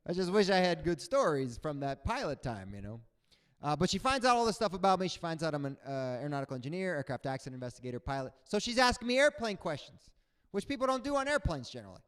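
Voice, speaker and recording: A young adult man performing a stand-up comedy set, animated, jumping into loud high voices for the people in his stories. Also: fairly quick. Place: comedy stage before a live audience.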